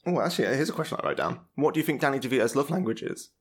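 A man's voice: mid-range voice, lively intonation, very fast, breathy edge. A man hosting a podcast, asking hesitant questions and humming along as his guest talks. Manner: hesitant questioning with frequent backchannel hums. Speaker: podcast host. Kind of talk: casual interview chat.

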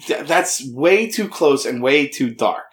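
Lively, questioning man with a raised voice. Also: fairly high pitch, a little slow. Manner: questioning, animated, interrupts with restarts. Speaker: podcast co-host. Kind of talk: casual chat.

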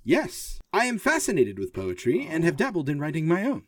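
A man's voice: on the high side, huge pitch swings, a little fast, no room sound, clean studio sound, pitched above the performer's own voice. A man playing a formal, literal-minded construct who writes poetry, speaking in a polite, precise way. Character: earnest, formal robot-like construct poet.

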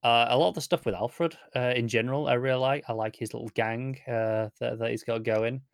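A man co-hosting a podcast, talking in a measured, thoughtful and agreeable way during casual chat. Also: mid-range voice, fairly even intonation, vocal fry, dry recording, clean studio sound. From United Kingdom. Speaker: podcast co-host.

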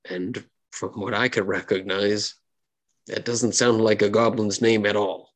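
A man voicing a sad, proud old goblin grandmother who leads her tribe, speaking slowly and gravely in a tabletop game. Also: on the low side, little pitch movement.

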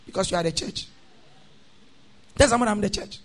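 A man preaching a sermon, chanting his lines in a sing-song cadence, calling the congregation to repeat after him, then dropping into a quieter teaching tone. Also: high-pitched, moderate pace. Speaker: pastor.

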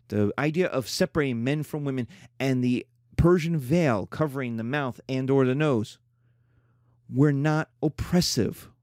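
A middle-aged man teaching a classroom lecture in an emphatic, animated way, slipping into playful mock voices. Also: medium pitch, dry recording, clean studio sound. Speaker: history teacher.

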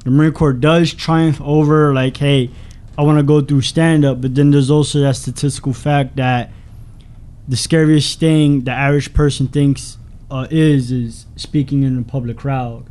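A man, a comedian and former Marine, answering interview questions in a measured, thoughtful way. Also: medium pitch, fairly even intonation, a little mellow. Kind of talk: casual interview chat.

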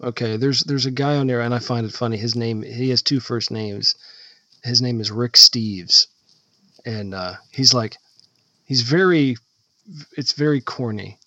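A man co-hosting a podcast in casual chat, rambling and halting with many restarts. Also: medium pitch, sharp tone, no echo. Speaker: podcast co-host. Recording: slightly dull lo-fi sound.

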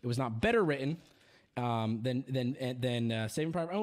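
High-voiced streamer guy rambling thru a story, swears a lot, animated. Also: brisk. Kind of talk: casual storytelling chat.

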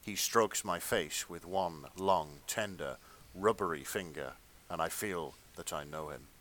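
A man co-hosting a comedy podcast, reading fan fiction aloud in a hushed, mock-serious tone. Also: low voice, a little slow, slight background noise. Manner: reads in a hushed, mock-serious tone, then cracks up. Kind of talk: dramatic reading with comic asides.

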